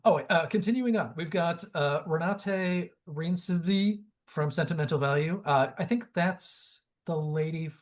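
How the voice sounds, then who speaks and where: A podcast host from the Great Lakes region of the US keeps a casual chat jokey and opinionated, swearing now and then. He speaks on the high side at a measured pace, with hardly any pauses.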